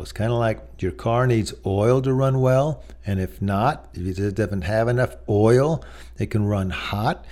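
A man's voice: fairly low pitch, normal speed, dark tone. A middle-aged man preaching a sermon in a conversational way, telling personal stories with many asides. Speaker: pastor.

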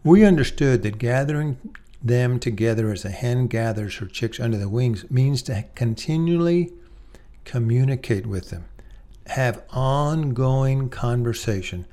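A middle-aged man giving a faith-based talk on parenting, measured and emphatic, slowing down on key points. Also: mid-range voice, expressive, dark tone. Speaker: speaker on parenting.

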